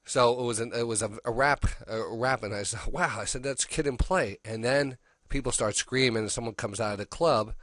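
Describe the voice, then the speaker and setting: A man's voice: mid-range voice, fairly quick, fairly bright tone, dry recording, studio quality. A middle-aged man hosting a radio show, telling a rambling personal story full of restarts and quoted dialogue. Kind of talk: casual storytelling.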